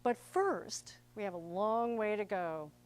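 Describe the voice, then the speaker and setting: A woman's voice: medium pitch, expressive, measured pace, darkish tone, smooth. An older woman, an actor and director, giving a chatty, theatrical public talk to an audience. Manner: chatty and theatrical, acts out quoted voices.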